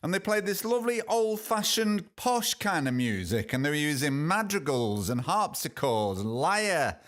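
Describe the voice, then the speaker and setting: Guy with a fairly high voice doing sarcastic news rants on his podcast. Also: sing-song, normal speed, a bit bright. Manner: sarcastic and ranting, reading news aloud. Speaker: podcast host. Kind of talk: comic news commentary.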